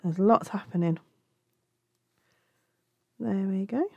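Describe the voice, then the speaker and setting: A woman's voice: mid-range voice, slow pace, vocal fry, no room sound, highs cut off. A woman with a Black Country accent from England, teaching crochet in a chatty, affectionate way and often correcting herself. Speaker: crochet tutor. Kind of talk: crochet tutorial.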